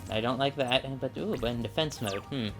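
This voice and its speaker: A man's voice: mid-range voice, fairly quick, over music. A man giving casual, rambling commentary while playing a card game, full of fillers and asides. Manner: rambling, chatty, many fillers. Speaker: let's play gamer.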